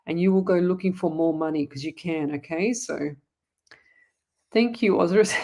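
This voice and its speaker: A woman's voice: fairly low pitch, a little fast, a little mellow. A woman, a psychic medium hosting a live show and answering viewer questions in a chatty, rambling way. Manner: chatty and rambling, with frequent restarts and asides. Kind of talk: casual live-stream chat.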